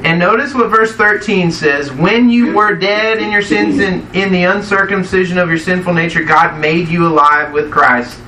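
A man preaches a sermon in an easy, conversational way, often putting questions to his listeners. His voice is bright and a little high, and it rings through an echoey hall, picked up from some distance by the mic. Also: steady tone, moderate pace, hardly any pauses, slight background noise. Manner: conversational, asks the congregation questions. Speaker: pastor.

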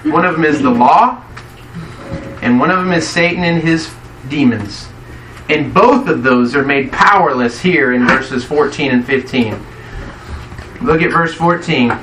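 A man's voice: a little high, measured pace, long pauses, background noise. A man preaching a sermon in a conversational way, often asking his listeners questions. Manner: conversational, asks the congregation questions. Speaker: pastor. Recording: echoey hall, mic from a distance.

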